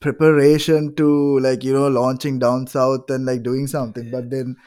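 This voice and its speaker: A man's voice: medium pitch, moderate pace. A man, a band member speaking casually in an interview. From Sri Lanka. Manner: relaxed, filler-heavy.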